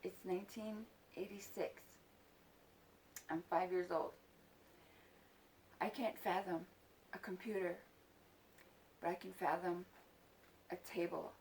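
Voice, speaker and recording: A woman in her forties slowly unpacks an intense personal memory. Her voice sits slightly low and her pace drags, with long pauses. She swears freely, her voice surges when she is angry and then sinks almost to a whisper. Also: a little mellow, slight background noise. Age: 40s. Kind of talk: emotional personal storytelling.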